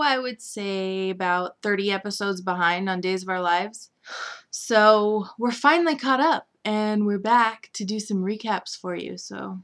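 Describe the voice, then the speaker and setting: Bright-voiced chatty young woman. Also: medium pitch. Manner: chatty, giggly, filler-heavy recapping. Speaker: recap host. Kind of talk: casual chat.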